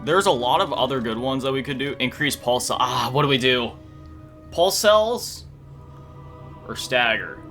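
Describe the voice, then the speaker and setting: A man's voice: medium pitch, expressive, measured pace, pushed and bright. A tired man chatting casually and laughing as he plays through a video game. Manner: chatty, self-deprecating, laughs often. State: tired, yawning. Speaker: gaming YouTuber. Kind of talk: casual let's-play commentary. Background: game music.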